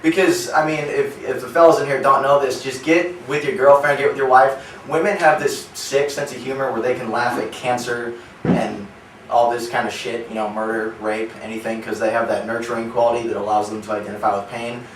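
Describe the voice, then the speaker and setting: A man's voice: mid-range voice, steady tone, a little fast, slight background noise. A young man in his early twenties performing a stand-up comedy set, telling rambling, offhand stories. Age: young adult. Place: small comedy theater. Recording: roomy live club sound from a distance.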